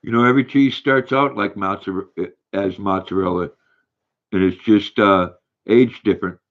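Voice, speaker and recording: An older man, hosting a casual livestream, rambling and halting as he reads viewer comments aloud. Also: lowish voice, dull audio. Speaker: livestream host reading chat.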